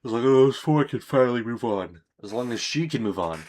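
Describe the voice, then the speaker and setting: A man reading as a grim, weary man writing a confession journal, in a solemn, measured way. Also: medium pitch, animated, a little mellow, close to an everyday voice.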